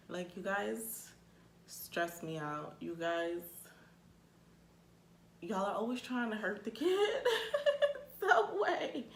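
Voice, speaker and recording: A young woman telling a storytime rant in a casual vlog, animated, swearing freely and saying "like" a lot. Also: fairly low pitch, a little hiss or hum. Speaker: vlogger. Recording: echoey room.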